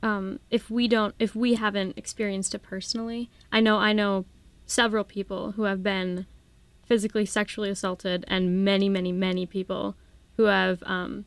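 A woman's voice: mid-range voice, level tone, normal speed, few pauses, no room sound. A young woman from Minnesota, a guest on a college radio show, speaking in an easygoing, thoughtful way. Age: young adult. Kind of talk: casual radio show chat.

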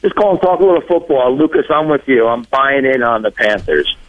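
A man's voice: mid-range voice, a little fast, no echo. Man calling in over a dull phone line. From New Jersey. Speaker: caller. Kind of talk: phone-in sports chat. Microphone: telephone.

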